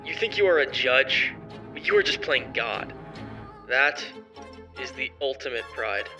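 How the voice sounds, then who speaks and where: A man's voice: mid-range voice, expressive, a little slow, music in the background, lightly acted. A young man voicing an arrogant male motivational streamer who speaks in a sarcastic, defiant, confrontational way in an amateur story drama.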